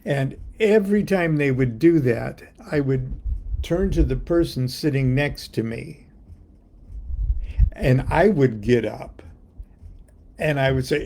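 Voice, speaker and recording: A man's voice: medium pitch, slow pace, creaky, long pauses, a little mellow. A man telling a personal story in a casual, rambling way, with many fillers and restarts, and now and then acting out the voices in it. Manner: playful, acting out announcements and voices. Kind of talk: casual spoken anecdote.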